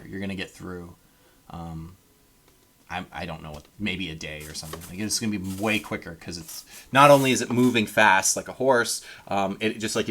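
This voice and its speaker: A man's voice: on the low side, fairly bright tone, slight background noise. A man from Canada running a tabletop game as game master, rambling with lots of ums. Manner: rambling, many ums, laughs at own jokes.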